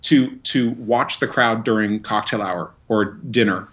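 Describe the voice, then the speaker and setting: A man's voice: on the low side, unhurried. A man from Vermont, a DJ guest on an interview show, talking in an easygoing, hesitant way with fillers. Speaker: guest, wedding DJ. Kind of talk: casual interview chat.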